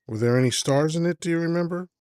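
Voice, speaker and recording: A man's voice: fairly high pitch, quick pace, a little mellow, no echo. A man hosting a live call-in stream, chatting casually and rambling as he thinks aloud with lots of fillers. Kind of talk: casual chat.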